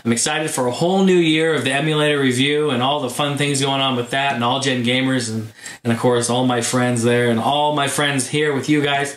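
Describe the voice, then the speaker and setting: A man hosting his gaming channel, telling a story in a casual vlog monologue, animated and full of fillers. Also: mid-range voice, brisk, slight background noise. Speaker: YouTube gaming channel host. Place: home room. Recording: roomy echo.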